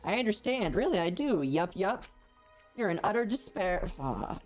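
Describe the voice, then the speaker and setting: A woman's voice: mid-range voice, sing-song, normal speed, a little mellow, soft background music. A woman streamer playing a story game, reading the characters' lines aloud and cutting in with joking asides. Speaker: gaming streamer.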